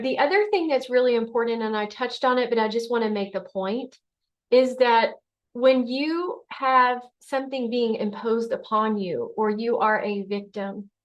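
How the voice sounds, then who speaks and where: Middle-aged woman doctor, higher-pitched voice, easy conversational coaching delivery that slips into little acted-out scenes. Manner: conversational, acts out scenarios in quoted voices. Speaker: functional medicine doctor. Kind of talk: motivational health coaching talk.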